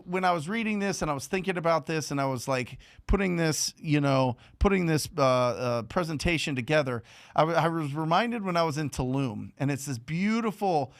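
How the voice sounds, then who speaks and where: A man hosting a live show, giving an energetic, repetitive motivational talk full of rhetorical questions. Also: on the high side. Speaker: host.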